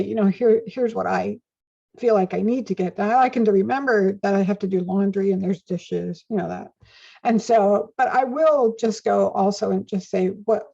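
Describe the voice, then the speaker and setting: An older woman speaking as an interview guest in an animated way, laughing often, heard on a dull lo-fi recording. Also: mid-range voice, gravelly, husky. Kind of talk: conversational interview.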